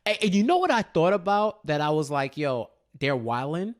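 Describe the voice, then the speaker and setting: A man co-hosting a casual TV recap chat, animated and quick to act out characters' lines, laughing often. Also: high-pitched. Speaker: podcast co-host.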